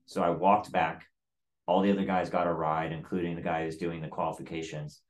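A man's voice: sits low, flat delivery, fairly quick. A man telling a story in casual chat, blunt and profane, with lots of "like" in his talk.

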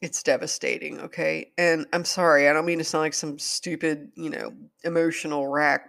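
A woman's voice: deep voice, flat delivery, normal speed, vocal fry, hardly any pauses, fairly bright tone. A woman hosting a solo podcast, talking in a rambling, hesitant and apologetic way, openly emotional. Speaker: podcast host.

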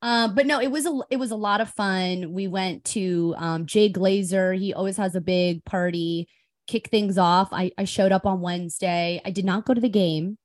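A woman's voice: mid-range voice, fairly even intonation, moderate pace, no room sound, clean studio sound. A woman podcast co-host in casual chat, rambling and easygoing with many fillers.

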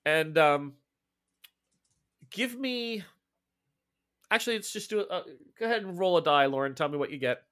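Game master, male: slightly high voice, loose improvised narration, casual tabletop session. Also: expressive, normal speed, pauses often, fairly bright tone, clear, resonant tone. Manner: loose, rambling narration with restarts.

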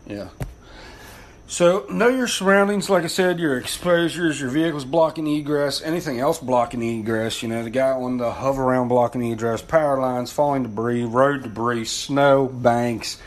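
A man's voice: mid-range voice, normal speed. A man giving an informal talk as a fire service instructor. He is blunt and rambling, and he swears a lot. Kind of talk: informal spoken lesson.

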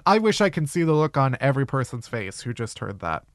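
Lively, swearing male podcast host. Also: medium pitch, fairly quick, no echo, studio quality. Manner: animated, profane, laughs while telling. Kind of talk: casual comedic storytelling.

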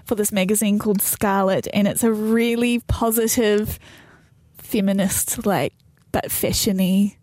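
A woman's voice: mid-range voice, steady tone, a little slow, a little mellow. A woman hosting a podcast in casual chat, breezy and moving the segments along. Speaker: podcast host keeping time.

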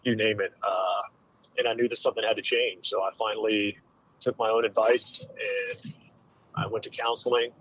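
A man in his forties, a military veteran, telling a hard personal story with candid, halting speech and many fillers. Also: lowish voice, little pitch movement, a bit bright, breathy edge, highs cut off. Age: 40s.

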